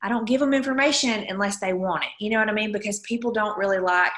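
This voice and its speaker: A woman's voice: medium pitch, quick pace, a bit bright. Upbeat woman coaching on a roomy call. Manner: chatty and upbeat, with frequent asides to listeners. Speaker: sales team leader coaching her team. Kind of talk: casual coaching talk on a video call. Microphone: video call microphone.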